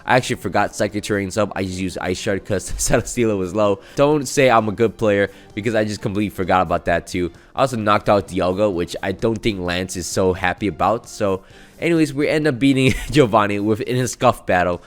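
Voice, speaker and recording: A man with a low voice recaps a video game run in a casual voice-over. He is chatty and self-mocking, rattling through each battle move. Soft music plays faintly behind him. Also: a little fast. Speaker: gaming channel host. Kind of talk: casual gameplay recap commentary.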